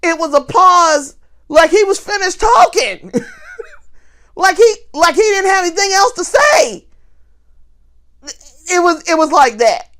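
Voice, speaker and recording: A woman tells a story straight to her viewers in a high voice. Her pitch leaps and dips as she animates each moment. She laughs easily as she goes. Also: sing-song, a little slow, long pauses, a bit bright. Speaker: vlogger. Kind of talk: casual storytelling to camera.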